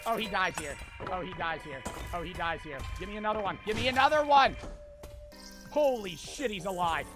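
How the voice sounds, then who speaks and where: A young man streaming a surgery game, yelling and swearing in frantic outbursts. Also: high-pitched, lively intonation, normal speed, music in the background. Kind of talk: live gameplay commentary.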